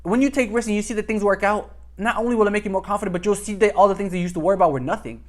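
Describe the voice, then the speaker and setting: A man's voice: high-pitched, rapid-fire. A young man giving casual dating advice to camera, rambling and repeating himself as he acts out bits of dialogue.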